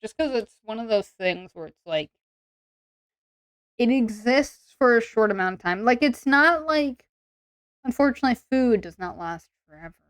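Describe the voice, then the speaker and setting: A woman's voice: on the high side, lively intonation, moderate pace, clean tone, no echo. A woman streamer in casual, rambling chat with viewers, full of fillers. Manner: chatty and rambling, many "like" and "um" fillers.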